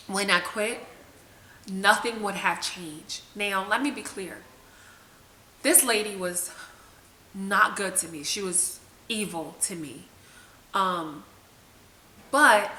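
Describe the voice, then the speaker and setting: A woman's voice: mid-range voice, bright, forceful tone. A woman vlogger telling a personal story to the camera in a candid, emotional, conversational way. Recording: echoey room with faint hiss.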